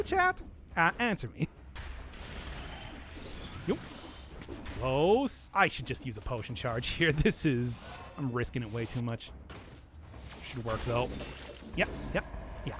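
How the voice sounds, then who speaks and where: A Midwestern man streaming a game, his voice sitting high and swooping all over as he rambles to chat. He laughs often and talks in a loose, animated way. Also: slight background noise. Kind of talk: casual stream chat while playing.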